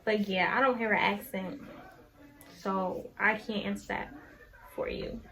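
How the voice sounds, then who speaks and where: Bright-voiced teenage girl vlogging. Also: mid-range voice, fairly even intonation, measured pace, poor audio. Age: teens. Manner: chatty and self-assured, affectionate to viewers. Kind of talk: casual vlog talk to camera.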